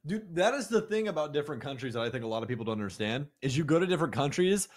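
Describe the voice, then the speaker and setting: A young man from North America in casual chat, reacting loudly and swearing. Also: on the high side, animated, very fast.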